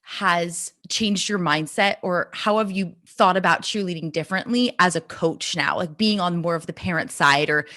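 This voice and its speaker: A woman's voice: lowish voice, normal speed, few pauses, sharp tone. A young woman hosting a podcast, encouraging her guest and asking long, open questions. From California. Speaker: podcast host. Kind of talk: casual podcast interview.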